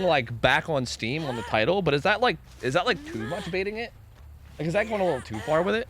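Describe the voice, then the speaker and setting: A young man streams a game, reacting and answering chat with lots of swearing, "like," and restarts. His voice is fairly high, sing-song, fast and fairly bright.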